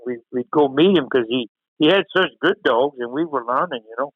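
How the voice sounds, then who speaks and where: A man's voice: mid-range voice, a little fast, no echo. A man with a Cajun accent telling a story in a laid-back way with dry humor. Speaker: guest. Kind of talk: casual storytelling. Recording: tinny phone-line sound.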